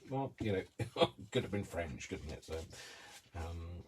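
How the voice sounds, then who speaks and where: Man, very low voice, easygoing craft host, rambling and self-deprecating, faint hiss behind. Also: lively intonation, slow. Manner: chatty, rambling, self-mocking asides. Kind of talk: live-streamed craft demonstration.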